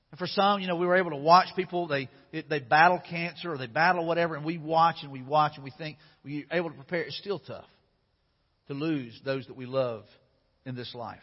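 Casting note: man with a high, husky voice, casual-style sermon, long hall echo, dull lo-fi sound. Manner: conversational, repeats phrases. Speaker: pastor.

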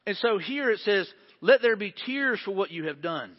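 A high-pitched man preaching from the pulpit of a church sanctuary. He is earnest, swelling to emphatic points and sinking to near-hushed lines. The sound is dull and carries a long hall reverb. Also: lively intonation, moderate pace. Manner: earnest, builds to emphatic peaks then drops to hushed tones. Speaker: pastor. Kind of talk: sermon.

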